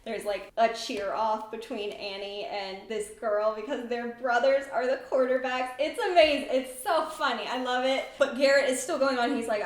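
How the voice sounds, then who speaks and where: A woman's voice: high voice, expressive, measured pace, few pauses. A woman in a casual vlog reviewing a book, chatty and gushing, saying "like" a lot and acting out characters' lines. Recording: echoey room.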